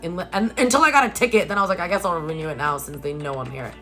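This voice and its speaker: A woman's voice: on the low side, rapid-fire, over music, poor audio. A young woman vlogging casually from a hotel room, chatting with her viewers, reading out their questions and swearing freely. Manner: chatty and animated, swears often, reads out chat questions. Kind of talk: casual chat.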